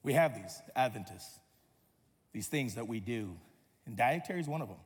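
A man's voice: mid-range voice, expressive, normal speed, breathy edge, in a large hall. A man pastor giving a sermon, telling stories with playful humor and acting out quotes. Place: church sanctuary.

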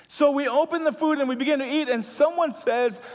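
A male pastor preaching a sermon as a lively storyteller. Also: extremely high pitch, big-room sound. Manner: animated storyteller who builds to a hushed, slow close.

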